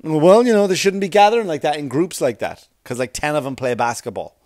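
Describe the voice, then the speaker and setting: A man's voice: a little high, fairly quick, darkish tone, dry recording, studio quality, natural voice. A prim, fussy wife, as a man quotes her. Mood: defensive. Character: fussy disapproving wife, middle-aged woman.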